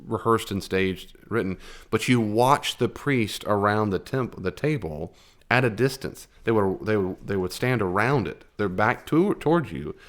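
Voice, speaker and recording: A man with a fairly low voice teaching a Bible lesson. He talks conversationally and wanders off on tangents. He drives his points home with emphatic asides. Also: animated, a little slow.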